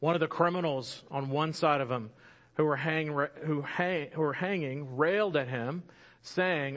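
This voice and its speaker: A man preaching a sermon in an animated storytelling way, rising louder for emphasis and dropping soft and slow at key moments. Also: a little high.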